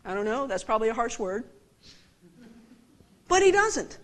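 A woman's voice: fairly high pitch, very animated, normal speed, pauses often, a bit bright, low-quality recording. A woman preaching a sermon, telling personal stories with passion and asking her listeners rhetorical questions.

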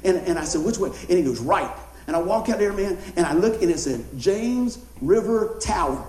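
A male pastor, telling a story in a sermon in an animated, conversational way. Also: high-pitched, moderate pace. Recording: roomy hall echo.

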